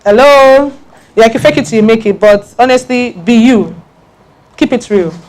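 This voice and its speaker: A woman giving a lively branding talk to an audience, repeating her key points with emphasis. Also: fairly high pitch, brisk.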